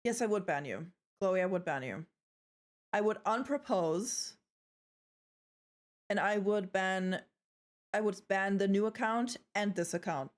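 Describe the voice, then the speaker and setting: A woman's voice: mid-range voice, measured pace, pauses often. A young woman streaming live, chatting playfully with her viewers, joking and swearing as she goes. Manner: playful, chatty, swears freely, trails off and restarts.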